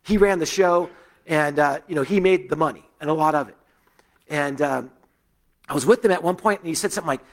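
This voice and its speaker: Conversational middle-aged male pastor, slightly high voice. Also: fast talker. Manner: conversational storytelling, many fillers and restarts. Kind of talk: sermon.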